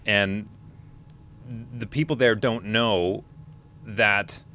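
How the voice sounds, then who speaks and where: A man's voice: on the low side, fairly even intonation, extremely slow, sharp tone. A man in his forties co-hosting a casual podcast, opinionated and rambling with frequent restarts. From Manitoba, Canada. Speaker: podcast co-host.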